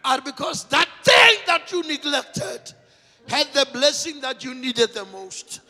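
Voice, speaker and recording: A man preaching a sermon as pastor, shouting his points and switching between languages. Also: extremely high pitch, expressive, measured pace, in a large hall. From South Africa.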